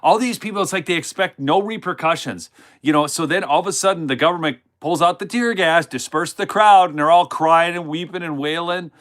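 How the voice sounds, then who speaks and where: A man's voice: a little high, fairly quick, fairly bright tone. Emphatic male live-stream commentator. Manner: incredulous, emphatic, keeps asking chat to respond. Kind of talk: live-stream commentary, reading news and chat.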